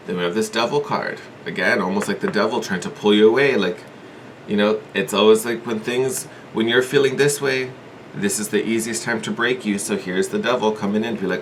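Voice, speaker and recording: A man's voice: fairly low pitch, fairly quick, slight background noise. A man giving a casual tarot reading, thinking aloud with hedges and repeats in an earnest, encouraging way. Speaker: tarot reader.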